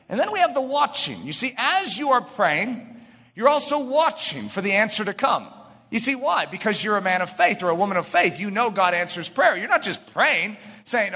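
A man delivers a sermon in a high, ringing voice. His pitch leaps and falls with feeling, and he pushes hard into fervent shouts. The sound carries a long reverb, like a large hall. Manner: impassioned preaching, building to shouts. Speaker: preacher.

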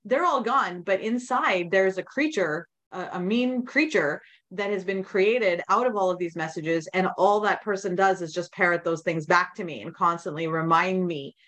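Low-voiced woman telling her story. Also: moderate pace, few pauses, fairly bright tone. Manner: rambling, with many restarts and quoted inner thoughts. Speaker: podcast guest. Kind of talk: candid conversational storytelling.

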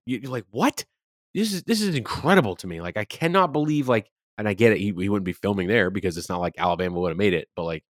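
A man's voice: fairly low pitch, animated, fast talker, no room sound, studio quality. A man co-hosting a sports podcast, talking casually and animatedly, swearing freely as he rants about games. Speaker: podcast co-host.

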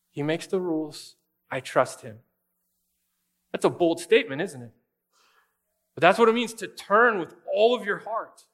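A man preaching a sermon in a conversational style, asking the congregation rhetorical questions and adding quick asides. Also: high-pitched, a bit bright. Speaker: pastor.

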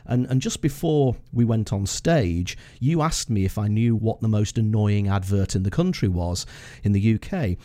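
A man in his fifties hosting a podcast, chatting in a relaxed, storytelling way with frequent restarts. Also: fairly low pitch, normal speed. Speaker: podcast host and marketing consultant. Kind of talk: casual conversational interview.

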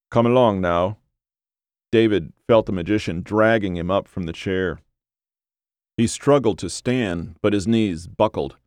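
A male audiobook narrator with a fairly low voice, telling the story at a measured pace. The recording is dry and close, with no room sound. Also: a little mellow, no echo.

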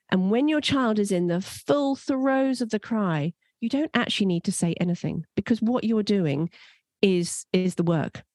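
A mother and parenting coach talking parents through advice in an earnest, reassuring way, growing animated when she describes strong feelings. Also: on the low side, no echo.

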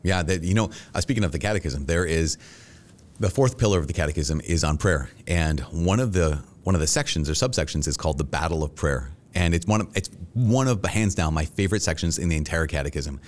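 Middle-aged priest guy, really low voice, earnest and thoughtful, acts out his own inner thoughts. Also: a little fast. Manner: earnest and reflective, with animated self-quotes. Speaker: Catholic priest guest. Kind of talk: conversational interview answers.

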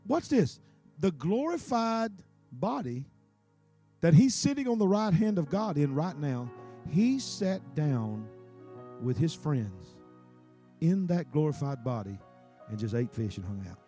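A man preaching a sermon, animated and emphatic, swinging between loud peaks and quiet asides. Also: fairly high pitch, unhurried, soft background music.

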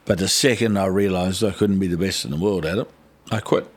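A middle-aged man with a New Zealand accent, a guest in an interview, telling stories in a lively way and acting out the dialogue. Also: low-pitched, brisk, breathy edge. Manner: lively storyteller who acts out dialogue. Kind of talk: storytelling interview.

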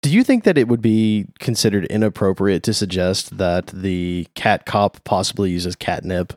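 A man with a lowish voice talks casually on a podcast about comics, rambling through his thoughts. The recording is dry and close, with no room sound. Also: animated, normal speed, darkish tone, no room sound. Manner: chatty, rambling, laughs at his own jokes. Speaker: podcast co-host.

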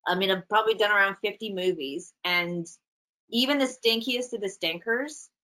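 A middle-aged actress from Canada, telling stories in a casual, animated interview. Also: female voice, mid-range voice, rough recording. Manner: animated, chatty, quick asides. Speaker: actress, guest.

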